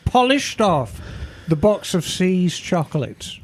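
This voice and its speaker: A woman's voice: on the low side, very animated, slow pace, breathy edge. Playful theatrical woman on a podcast, voice jumps around a lot. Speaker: podcast co-host. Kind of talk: casual group chat.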